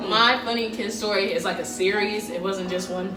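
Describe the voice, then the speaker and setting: A woman's voice: mid-range voice, steady tone, normal speed. A woman teacher chatting casually and telling funny classroom stories in a playful way. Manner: playful storytelling. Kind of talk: casual chat. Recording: roomy, distant mic, music behind.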